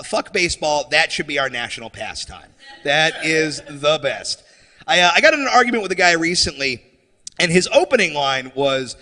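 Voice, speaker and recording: Stand-up comic, man, high and very animated delivery. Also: long reverb tail. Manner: animated, shifts into mocking voices for characters. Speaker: stand-up comedian. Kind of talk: stand-up set. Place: comedy stage before a live audience.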